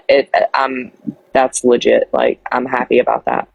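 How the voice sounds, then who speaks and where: A woman's voice: rumbling low, flat delivery, moderate pace, creaky, no echo, dull audio. A woman talking casually and earnestly on a live stream, rambling with many fillers. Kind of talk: casual chat.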